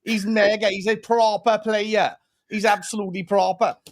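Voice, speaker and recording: An excited football fan gushes in a Welsh accent, as a man puts it on for a bit. He repeats his praise eagerly in a high voice. The delivery is slowed down for effect. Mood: enthusiastic. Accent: Welsh, put on.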